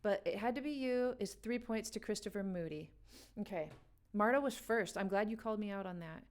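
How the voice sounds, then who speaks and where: A woman's voice: mid-range voice, a little fast, a little mellow. A woman hosting a live music quiz game, chatting casually with viewers and laughing often. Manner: chatty, laughing, talks to chat. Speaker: livestream game host. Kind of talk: casual livestream chat.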